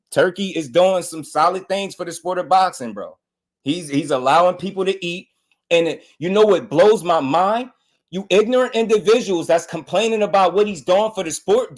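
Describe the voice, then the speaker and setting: A man, hosting a boxing stream and bluntly scolding his chat in slangy, repetitive talk. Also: high-pitched. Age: 30s. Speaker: boxing podcast host. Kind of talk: live-stream commentary, addressing chat.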